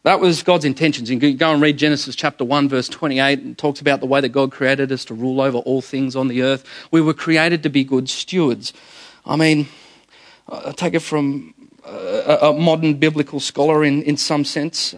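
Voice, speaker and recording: A middle-aged man preaching a sermon as pastor, telling stories with animated energy, often repeating words and calling his listeners guys. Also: medium pitch, moderate pace.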